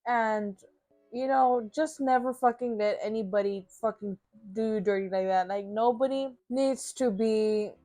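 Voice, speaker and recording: A woman's voice: fairly high pitch, a little slow, warm tone, no echo, faint music behind. A young woman vlogger telling a work story in a blunt, profane, casual way, full of fillers.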